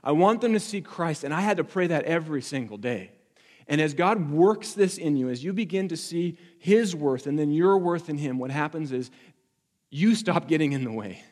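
A man preaching a sermon to his church, building to emphatic repeated lines and dropping back to quiet reflection. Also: fairly high pitch, lively intonation, normal speed, big-room sound. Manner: impassioned preaching with rising emphatic repetition. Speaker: pastor.

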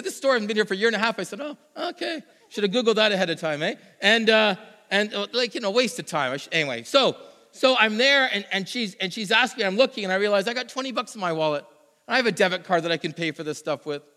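A high, quick-talking man preaches, his voice bright and lively. He tells stories with animated mimicry as a long hall reverb trails each phrase. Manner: animated storytelling, mimics others. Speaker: pastor. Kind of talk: sermon with personal story.

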